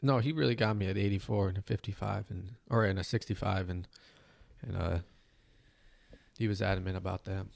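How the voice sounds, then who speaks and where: Gravelly-voiced man, teasing banter. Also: low-pitched, fairly even intonation, a little fast. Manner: teasing, joking. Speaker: podcast co-host. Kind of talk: casual chat. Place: home kitchen.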